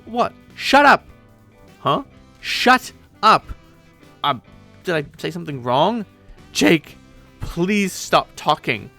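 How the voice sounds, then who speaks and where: A man voicing a furious young woman who shouts and snaps sarcastically at her friend, in a webcomic read aloud with voices. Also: fairly high pitch, expressive, slow pace, faint music behind, full character voice.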